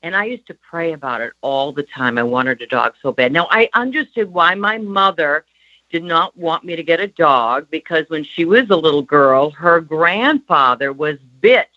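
A woman guest and co-author telling a warm, lively personal story in conversation. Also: sits low, normal speed, dull audio. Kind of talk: storytelling in a chat.

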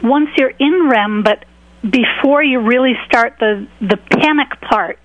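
A woman's voice: a little high, a little slow, no echo. Woman caller on a muffled line. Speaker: guest caller. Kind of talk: phone-in interview.

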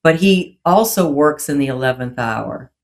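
Guest author, woman, reflective and faith-centered, slightly low voice. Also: animated, moderate pace. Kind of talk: casual chat.

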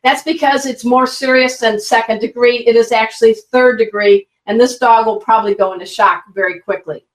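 A woman who teaches pet first aid, giving energetic, folksy, hands-on instructions as a guest expert. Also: on the high side, fairly quick, few pauses, far from the mic. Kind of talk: guest expert in an online interview. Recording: roomy, a bit off-mic.

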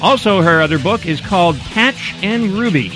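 A man's voice: high-pitched, animated, moderate pace, over music. Chatty male radio host. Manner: chatty, laughs easily. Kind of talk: casual radio chat.

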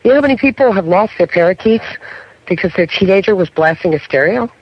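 A man's voice: sits high, expressive, fast, no echo. Middle-aged male guest, paranormal investigator; storyteller, frequent check-ins; dull lo-fi radio audio. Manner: storytelling, keeps checking in with "okay?". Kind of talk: radio talk show interview. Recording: muffled radio broadcast.

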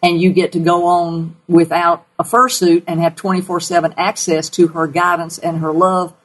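A woman's voice: on the low side, little pitch movement, normal speed, poor audio. A woman with a Southern accent hosting a call-in radio show as a pet psychic, folksy and emphatic.

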